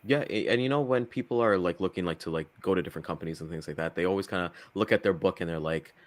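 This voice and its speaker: Deep-voiced man, chatty and loose. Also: quick pace, slight background noise. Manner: loose and chatty, full of fillers; acts out quotes with big jumps in pitch. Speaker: co-host. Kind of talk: casual morning show chat.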